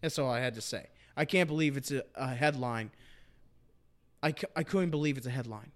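A man's voice: medium pitch, moderate pace. A young man hosting a sports podcast, talking with emphatic passion and repeating his points for effect. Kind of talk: casual sports chat.

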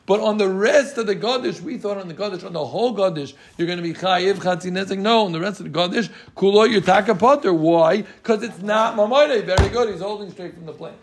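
High-voiced man teaching a Talmud class. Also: brisk, few pauses, slight background noise. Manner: explains with Yiddish-inflected Yeshivish terms, quizzes students.

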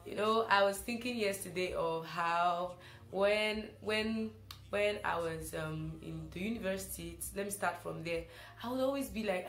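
A young woman from Africa hosting a casual spoken reflection, chatty and animated, repeating phrases for emphasis. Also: lowish voice, unhurried, roomy sound. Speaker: host.

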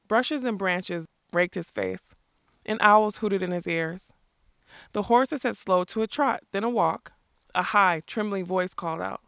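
A woman's voice: mid-range voice, a little slow, gravelly, no room sound, clean studio sound. A woman hosting a casual book club, reading a novel aloud chapter by chapter. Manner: informal, relaxed delivery.

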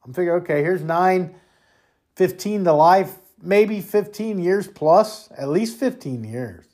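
A host from the United States launches into an angry political monologue, swearing freely and hammering each point. The talk runs hot, with stumbles and repeated words as the speaker gets worked up. The pitch sits in a middle register. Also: expressive, takes it slowly, darkish tone. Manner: angry, profane, heated ranting. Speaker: podcast host.

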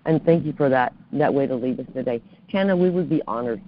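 A man's voice: medium pitch, fairly quick, lo-fi sound. A man hosting an interview podcast, speaking effusively and often adding "right?" to his points. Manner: effusive, warm thanks, repeats "right?". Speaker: podcast host. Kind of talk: casual interview chat.

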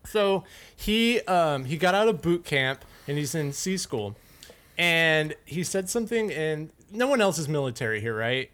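A man's voice: fairly high pitch, measured pace. A young man in his twenties, cohosting a podcast, telling a story with lots of swearing and quoted voices. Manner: profane, animated storytelling. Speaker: podcast co-host. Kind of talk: casual podcast chat.

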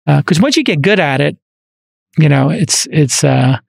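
A man hosting a podcast, chatting casually and telling stories with quick asides and restarts, into a studio microphone. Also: on the high side, lively intonation, gravelly, breathy edge, no echo. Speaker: podcast host.

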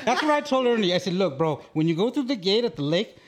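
A man's voice: sits high, big pitch swings, quick pace, heavy background noise. A man guesting on a podcast, telling stories with lots of laughter, cursing and mixing in bits of Spanish. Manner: laughing, profane, mixes in Spanish phrases. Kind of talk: casual chat, storytelling.

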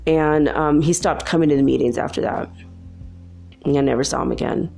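A woman's voice: sits low, steady tone, brisk, vocal fry, a little mellow, faint music behind. A woman telling a personal story in a rambling, earnest way, with many asides.

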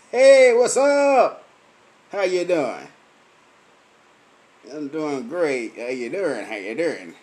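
A tipsy man, rambling and cursing freely as he hosts a late-night live chat from home. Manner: profane, loose and boisterous, swings from low mumbles to loud outbursts. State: tipsy from drinking. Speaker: podcast and Facebook live host.

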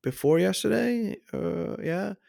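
Gravelly man, casual movie chat. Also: high-pitched, expressive, slow pace, darkish tone, no echo, clean studio sound. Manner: acts out movie quotes in shifting voices, rambling with fillers. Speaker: podcast co-host.

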